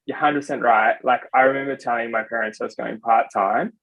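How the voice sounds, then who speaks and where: A man's voice: mid-range voice, fairly even intonation, a little fast, vocal fry, a bit bright. A young man and podcast guest, talking casually with lots of "like" fillers. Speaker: podcast guest, software developer. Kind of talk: casual chat. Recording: slightly dull lo-fi sound.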